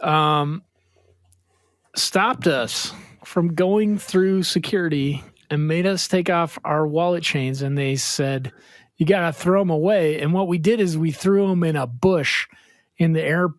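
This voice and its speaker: A man's voice: on the high side, a little slow, dry recording, clean studio sound. A middle-aged man co-hosting a podcast, telling rambling joking anecdotes in casual chat over a remote call. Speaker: podcast co-host and touring musician. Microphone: remote recording over an online call.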